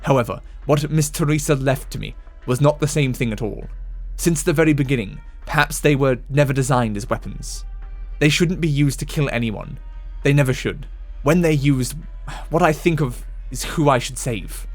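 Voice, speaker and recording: A man's voice: mid-range voice, soft background music, lightly acted. Man reading as a stern lecturing doctor. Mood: grave. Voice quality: measured, lecturing. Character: stern older doctor lecturing a young fighter.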